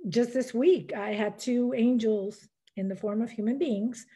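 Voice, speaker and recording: A woman's voice: fairly high pitch, fairly even intonation, a little slow, dark tone, breathy edge, rough recording. A woman appearing as an author guest on a podcast, speaking in an earnest, heartfelt way. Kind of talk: casual interview chat.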